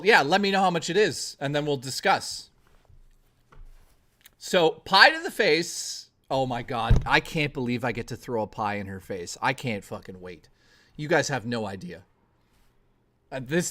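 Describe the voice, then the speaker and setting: A man livestreaming in casual chat, rowdy and profane, thanking chat and joking excitedly. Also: medium pitch, moderate pace. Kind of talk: casual live-stream chat.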